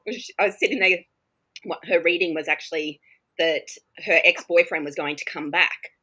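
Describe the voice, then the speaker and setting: A woman chats casually, a teacher recounting a story with lively energy. Her voice sits a little low yet has a bright, forward edge. She slips into the voices of the people in her tale. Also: normal speed, rough recording. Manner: animated, acts out the other people in her stories.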